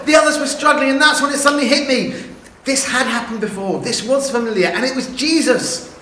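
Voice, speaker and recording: An actor playing a remorseful, excitable fisherman disciple, telling his own story in a vivid first-person monologue. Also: very high voice, normal speed, a little hiss or hum. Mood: eager. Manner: vivid storyteller, swings from hushed to eager. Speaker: actor in a church assembly video. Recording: roomy, echoey recording.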